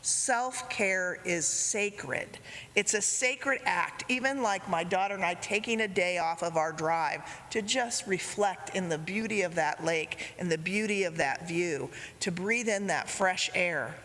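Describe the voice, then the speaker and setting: A woman preaching a sermon, retelling a story in a gentle way, with quoted lines spoken softly. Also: fairly low pitch, a little slow, hardly any pauses, a little hiss or hum. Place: church sanctuary. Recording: reverberant church hall.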